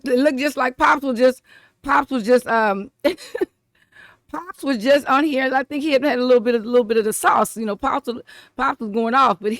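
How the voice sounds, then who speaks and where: A woman's voice: high-pitched, fairly bright tone, dry recording, studio quality. A woman vlogger, rambling through casual political commentary, repeating herself and laughing often.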